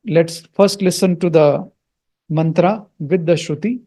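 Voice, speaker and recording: A man teaching the meaning of a Sanskrit mantra, slowly repeating each word for learners. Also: fairly high pitch, warm tone. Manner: slow, repeats words for learners.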